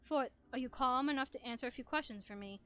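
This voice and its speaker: A woman voicing a calm, kind male robot father figure in a game, speaking slowly and gently. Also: sits high, clean tone.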